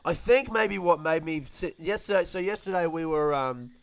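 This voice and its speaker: A young man talks through a loose, rambling podcast monologue, swearing freely and poking fun at himself. His voice sits a little high and sounds smooth and clear. The recording is close and dry. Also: lively intonation, moderate pace, no room sound. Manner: rambling, self-deprecating, sweary. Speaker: podcast host, comedian. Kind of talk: casual monologue.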